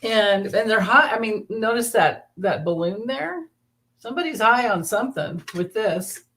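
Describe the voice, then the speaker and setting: A woman hosting a live tarot reading, talking in a rambling, halting way as she explains the cards in a casual chat. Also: on the high side, lively intonation, fairly bright tone. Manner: rambling, halting, with frequent restarts and laughter. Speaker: tarot reader, channel host.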